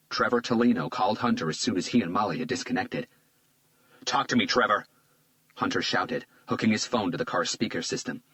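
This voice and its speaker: Male audiobook narrator, very deep, measured and tense thriller read. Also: fairly bright tone, dry recording, rough recording.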